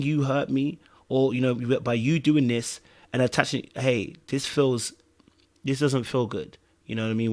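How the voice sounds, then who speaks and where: A man with a British accent co-hosting a casual podcast, animated and swinging between loud bursts and hushed asides. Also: mid-range voice, vocal fry. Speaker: podcast co-host.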